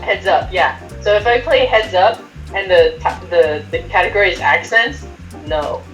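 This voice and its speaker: A woman's voice: fairly low pitch, moderate pace, fairly bright tone. Chatty woman in an echoey room. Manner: chatty, self-mocking, laughs often. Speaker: podcast co-host. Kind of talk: casual chat. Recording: echoey room, faint music.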